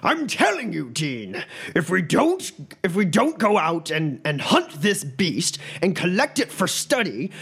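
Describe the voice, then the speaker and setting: A man's voice: sits high, slightly rough, voice pushed up, heavily acted. A man playing a ranting hot-tempered professor. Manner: shouting, ranting.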